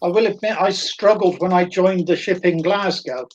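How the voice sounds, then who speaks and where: A man tells an anecdote at a measured pace in casual chat. His voice comes through muffled and lo-fi over the call. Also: sits high, slight background noise.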